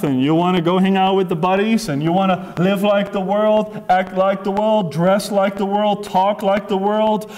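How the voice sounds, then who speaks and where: High-voiced preacher in a reverberant hall. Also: male voice, a little mellow. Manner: emphatic, repetitive, acts out voices in asides. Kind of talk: sermon. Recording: long reverb of a large hall.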